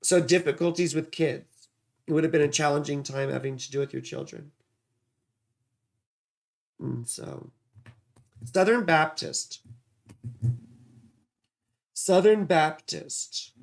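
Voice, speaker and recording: Gravelly, slow-talking male astrology streamer. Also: fairly high pitch. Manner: rambling, distracted, swears casually. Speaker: astrology livestream host. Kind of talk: casual livestream astrology reading.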